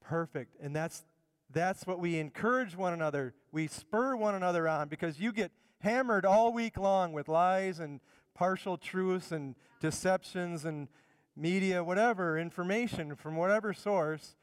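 Middle-aged male pastor, conversational sermon delivery, smooth resonant voice slightly high for a man, long church reverb. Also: unhurried. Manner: conversational preaching, repeats words while building points. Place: church sanctuary.

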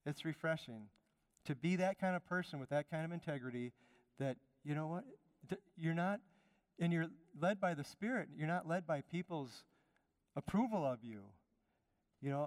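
A man's voice: fairly high pitch, expressive, normal speed. A man from Chicago preaching a conversational sermon as pastor, emphatic and repeating his phrases. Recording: long reverb of a hall.

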